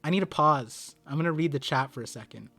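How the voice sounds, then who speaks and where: Young male streamer, high voice, bursts into excited shouts and stammers, faint music behind. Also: fast talker. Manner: excitable, exclaims and stammers when surprised. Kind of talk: live reaction reading of a comic chapter.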